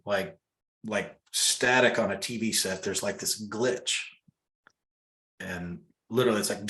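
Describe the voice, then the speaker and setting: A man spins a personal story in a relaxed fireside chat, full of fillers and little acted-out quotes. His voice sits on the low side but comes across bright and forceful. The room around him gives it a noticeable echo. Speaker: guest telling a personal story. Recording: echoey room.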